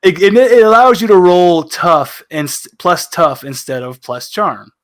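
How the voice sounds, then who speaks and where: A man's voice: sits high, measured pace. A man playing a tabletop role-playing game, overly polite and pleading in character. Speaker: player.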